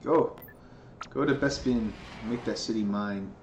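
A man giving excitable, jokey gameplay commentary, swearing now and then. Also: on the low side, unhurried. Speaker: gamer. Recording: roomy sound with background noise.

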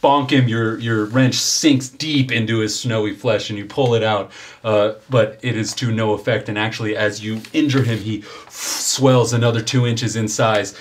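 A man with a fairly low voice narrates a tabletop role-playing game as its game master. He paints each scene in vivid detail and keeps breaking into chuckles at his own descriptions. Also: steady tone, moderate pace, a little hiss or hum.

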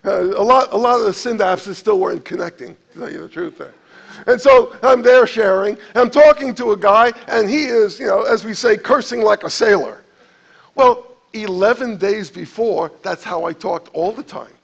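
A pastor preaching a sermon to his congregation, animated, acting out quotes with sudden jumps in pitch and loudness. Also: normal speed, creaky, dull audio.

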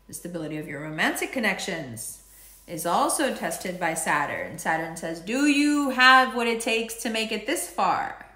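A woman's voice: mid-range voice, fairly bright tone. A woman giving a casual horoscope and tarot reading, playful and chatty, wandering off on tangents and swearing now and then. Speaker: astrology and tarot reader. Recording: echoey room.

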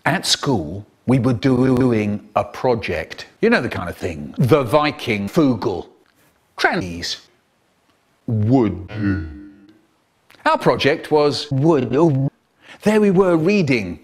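Animated man telling stories. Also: mid-range voice, slow, slightly rough. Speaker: storyteller. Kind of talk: children's storytelling, spliced comedic edit.

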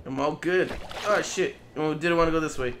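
A man's voice: fairly high pitch, moderate pace, noisy background. A man giving casual gameplay commentary, playful and taunting, swearing as he speaks in character as a goose. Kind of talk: casual let's play commentary.

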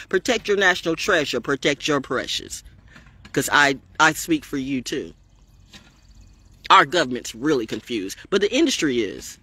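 A woman's voice: extremely low pitch, animated, normal speed, bright, forceful tone, breathy edge. A woman giving a rambling, defiant spiritual monologue on her vlog, streetwise and preachy, swearing freely. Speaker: spiritual vlogger.

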